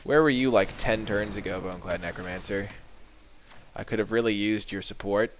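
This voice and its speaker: A man's voice: on the low side, a little fast, slight background noise. A man giving live commentary on a card game he is playing. He chats to the game and his opponent, and he breaks into melodramatic outbursts when his luck turns. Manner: chatty, talks to the game and opponent. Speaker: card game video creator.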